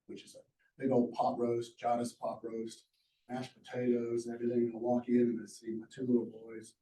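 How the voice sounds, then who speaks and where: Middle-aged man, folksy storyteller at a lecture, dark mellow voice, heard from a distance. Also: mid-range voice, a little hiss or hum. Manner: folksy storyteller, acts out the quoted lines. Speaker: entrepreneur giving a masterclass talk. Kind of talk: storytelling lecture to a live audience. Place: lecture hall. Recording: echoey hall, mic at a distance.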